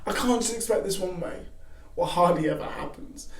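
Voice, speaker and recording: A young man giving casual faith advice to camera, animated, acting out excited quotes. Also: high-pitched, fairly quick. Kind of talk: casual devotional talk to camera. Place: garage. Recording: echoey garage from a distance.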